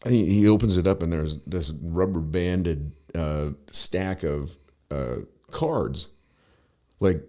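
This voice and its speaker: A man's voice: deep voice, slow pace, a little mellow. A man guesting on a podcast, telling a rambling story in a casual, profane way full of fillers.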